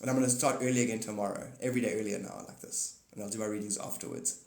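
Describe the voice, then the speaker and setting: A man's voice: fairly low pitch, steady tone, rapid-fire, creaky, darkish tone. A man chatting on a live stream, rambling and joking, swearing now and then and correcting himself. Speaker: live streamer and paid reader. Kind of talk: casual live-stream chat. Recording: roomy echo.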